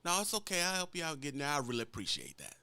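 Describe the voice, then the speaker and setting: A man voicing a humble, polite adult truck driver who talks softly and apologetically. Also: on the high side, wildly swooping pitch, very fast, creaky, clear, resonant tone, no echo, voice pushed down, heavily acted. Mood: meek, polite. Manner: soft, apologetic, deferential.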